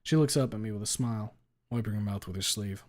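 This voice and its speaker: Man, fairly low voice, deadpan, blunt, casual swearing, story reading. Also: fast. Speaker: story reader. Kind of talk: first-person story reading.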